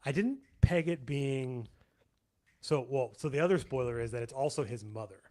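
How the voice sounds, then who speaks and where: A man hosting a podcast, talking through a film in a halting, self-correcting way. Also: mid-range voice, expressive, darkish tone. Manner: halting, restarts and hedges. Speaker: podcast host and editor. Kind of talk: casual film discussion.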